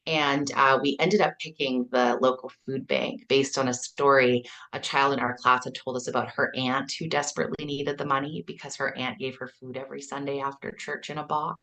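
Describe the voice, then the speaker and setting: A middle-aged Canadian kindergarten teacher with a Canadian accent, earnestly telling stories in a podcast interview and acting out the quotes with animation. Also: female voice, extremely low pitch, a little fast, hardly any pauses. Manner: earnest, storytelling, acts out quotes with lively animation. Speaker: kindergarten teacher and author, guest.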